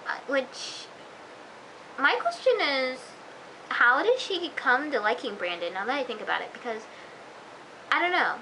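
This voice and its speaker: A woman's voice: high-pitched, big pitch swings, measured pace, long pauses, bright, forceful tone, slight background noise, poor audio. A woman recapping a TV episode in a chatty, gushing vlog style, full of fillers. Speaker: TV episode reviewer.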